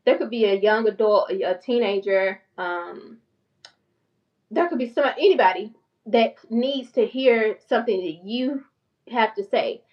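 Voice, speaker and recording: Excited country-accented North Carolina woman. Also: a little high, distant mic, highs cut off. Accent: Southern US, North Carolina country. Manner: fast, excitable, passionate tone. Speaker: channel host and therapist. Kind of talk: casual vlog talk to viewers.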